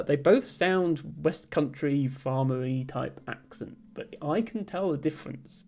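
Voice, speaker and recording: A man's voice: fairly high pitch, darkish tone. A man streaming live, reading out viewer comments and answering them in a thoughtful, rambling way with many ums and restarts. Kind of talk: casual live-stream chat.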